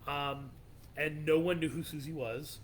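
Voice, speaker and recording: Brief: male podcast host, slightly high voice, loose storyteller, faint rumble behind. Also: steady tone, a little slow. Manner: rambling, loose, many restarts and "like". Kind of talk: casual storytelling of legends.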